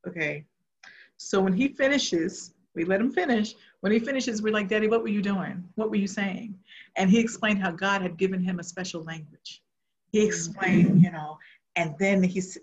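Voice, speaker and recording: Woman preaching, middle-aged, earnest testimony, goes soft at tender bits, kinda muffled lo-fi audio. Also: fairly low pitch, slight background noise. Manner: earnest, storytelling, drops to soft tones for emotional moments. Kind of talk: sermon with personal testimony. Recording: muffled lo-fi sound.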